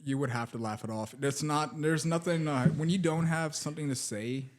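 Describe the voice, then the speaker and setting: Easygoing man co-hosting a casual podcast. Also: fairly high pitch. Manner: easygoing, quick to laugh, asks follow-up questions. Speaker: podcast co-host. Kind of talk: casual comedic chat.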